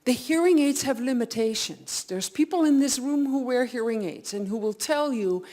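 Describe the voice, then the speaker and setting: Energetic, blunt woman audiologist presenting. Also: fairly high pitch, moderate pace. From Netherlands. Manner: energetic, blunt and animated, acting out quoted patients. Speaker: audiologist, conference speaker. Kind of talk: presentation to hearing care professionals. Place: lecture hall with a live audience.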